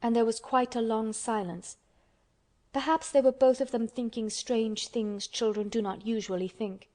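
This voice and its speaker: A woman's voice: a little high, fairly even intonation, moderate pace, mellow. Woman reading an audiobook steadily. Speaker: audiobook narrator. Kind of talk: scripted narration.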